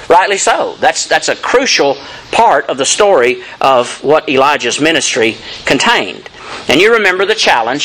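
A man's voice: a little high, fairly bright tone, slight background noise, poor audio. A man preaching an expository sermon, reading scripture dramatically and addressing the congregation directly. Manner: emphatic rising lines, addresses congregation directly.

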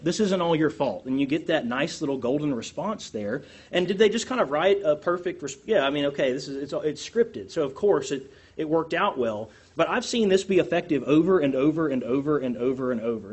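A man teaches a church class, drawing the group out with questions. His voice is husky and sits a little high, and he talks in an animated way, poking fun at himself. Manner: animated, asks the group questions, self-deprecating.

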